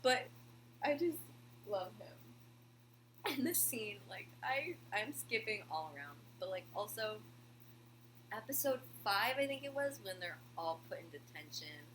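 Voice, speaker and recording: A woman chatting casually as a video host at home, gushing and excitable, with lots of "like" in her talk. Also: mid-range voice, normal speed, a little hiss or hum. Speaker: video host reviewing a TV show. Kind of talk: casual chat. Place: room at home with a heater running.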